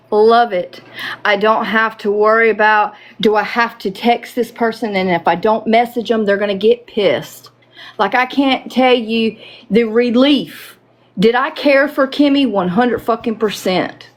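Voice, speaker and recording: A woman hosting a livestream, giving heated, profane, emphatic commentary. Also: fairly high pitch. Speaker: livestream host.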